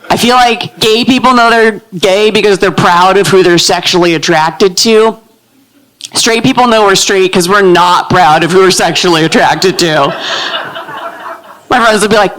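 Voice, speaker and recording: A woman in her thirties does a live stand-up set at a comedy club, her deadpan delivery carried by a low, manly-sounding voice. She speaks at normal speed, and the recording is rough.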